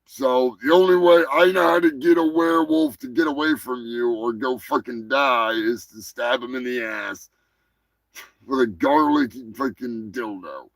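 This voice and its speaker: Gravelly, slow-talking joking man. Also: mid-range voice, animated, no room sound, poor audio. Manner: crude, profane joking rant. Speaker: host. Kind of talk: live comedy show monologue.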